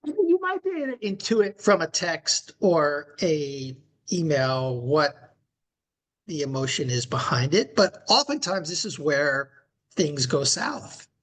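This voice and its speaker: A man co-hosting a podcast and working as a leadership coach, talking in a reflective, measured way. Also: fairly high pitch, sing-song, fairly bright tone. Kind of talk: casual podcast conversation.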